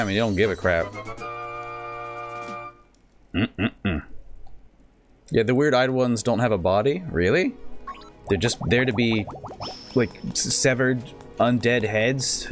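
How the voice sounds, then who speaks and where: Speaking at a medium pitch, this man provides laid-back commentary on his gameplay as a let's play host. He jokes in meandering asides and now and then erupts in sudden excitement.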